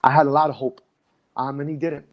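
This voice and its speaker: A man's voice: mid-range voice, level tone, a little fast, muffled recording. A man, a dance instructor, recalling his past in a reflective, emotional way and often restarting his sentences. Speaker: guest. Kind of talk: casual conversation.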